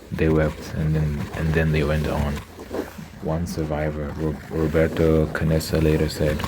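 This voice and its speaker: A man's voice: very deep voice, noisy background. A man doing whispered ASMR storytelling, reading a story aloud and stopping to react to it. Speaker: ASMR creator.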